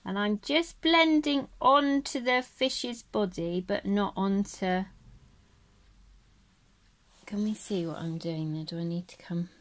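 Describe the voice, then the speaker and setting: A woman giving a casual craft lesson, chatty and gentle, rambling and correcting herself as she goes. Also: on the high side. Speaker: craft teacher. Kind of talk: casual how-to tutorial.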